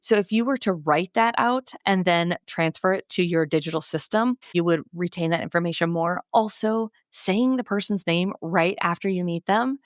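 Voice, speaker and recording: Lower-voiced woman podcast co-host. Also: moderate pace, hardly any pauses, dry recording, studio quality. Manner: explanatory, laughs easily. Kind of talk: casual chat.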